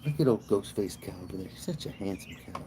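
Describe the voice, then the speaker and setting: A man's voice: fairly low pitch, animated, fast talker, background noise. A man hosting a casual livestream outdoors by a cow pasture, rambling crudely and swearing a lot. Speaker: livestream host.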